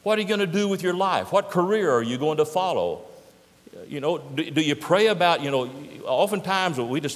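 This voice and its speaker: A man's voice: a little high, animated, normal speed. An older man preaching a sermon, emphatic and full of rhetorical questions. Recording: echoey hall.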